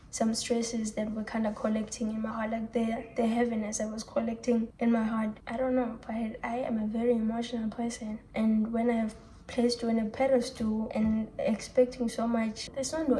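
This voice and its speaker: A young woman pours out her feelings in a rambling, candid vlog confession. Her voice sits a touch high but sounds warm and mellow. A light hiss of background noise runs under the recording. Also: poor audio. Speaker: vlogger. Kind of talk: emotional confessional monologue.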